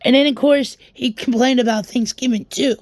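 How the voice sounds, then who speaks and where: A young woman talks straight to her viewers in a rambling storytime vlog, venting her frustration and tripping over restarts as she goes. Her voice sits fairly high. The sound is dry and close. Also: steady tone, normal speed, a little mellow, no room sound. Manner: frustrated, restarts and repeats words while venting. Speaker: vlogger.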